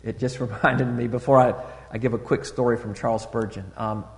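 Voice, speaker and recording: A man preaching in a church, his voice carrying a long reverb through the hall. He talks like he is chatting with his congregation, with plenty of ums and restarts. He swings from soft, low asides to loud, high bursts of emphasis. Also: steady tone, fairly quick, gravelly. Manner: conversational preaching with fillers and restarts. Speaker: pastor. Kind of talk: sermon.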